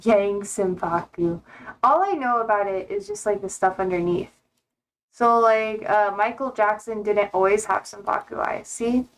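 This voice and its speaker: A woman's voice: mid-range voice, a little slow, low-quality recording. A young adult woman streamer chatting casually on a live stream, rambling and full of fillers, often cutting herself off mid-thought. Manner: rambling, filler-heavy, self-interrupting.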